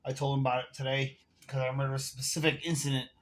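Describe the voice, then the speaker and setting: A man's voice: medium pitch, flat delivery, fast. A man ranting to camera in a casual vlog, telling a heated, profane story while smoking and drinking. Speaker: vlogger.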